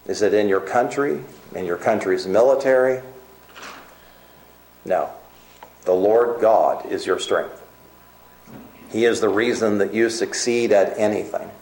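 A man preaches with earnest emphasis, slowing to a measured pace on his key points and hurrying through others. His voice sits fairly low. The sound carries a roomy echo. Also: a little mellow. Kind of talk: sermon.

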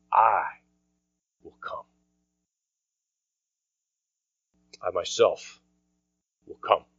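A man preaching a sermon as pastor, earnest, often dropping to a quiet voice for emphasis. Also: fairly low pitch, slightly rough, no echo. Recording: dry, dull lo-fi sound.

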